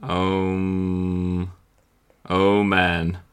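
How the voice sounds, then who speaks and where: A man's voice: deep voice, monotone, very slow. A man co-hosting a podcast, bantering wryly in casual chat.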